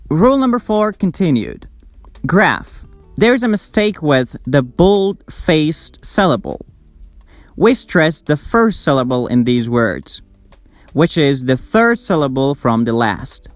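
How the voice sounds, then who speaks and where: A man teaching English word stress, slowly drilling word lists one by one. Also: mid-range voice, sing-song, no room sound, soft background music. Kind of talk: slow, deliberate pronunciation lesson.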